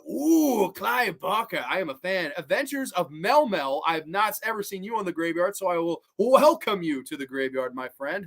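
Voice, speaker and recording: A man with a high voice hosts a horror review show on a livestream, chatting casually and answering viewer comments in an excitable, profane, rambling way.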